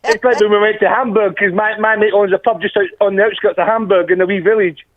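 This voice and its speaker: A man's voice: high voice, steady tone, fast, dry recording. A Glaswegian man chatting as a guest fan, telling rambling stories with restarts and laughter. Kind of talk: casual chat, storytelling. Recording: tinny phone-like line.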